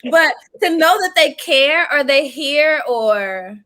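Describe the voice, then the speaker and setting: A young woman preacher in casual chat, telling stories in an animated, emotional way with church expressions. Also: high voice, takes it slowly. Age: young adult. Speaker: preacher and podcast host.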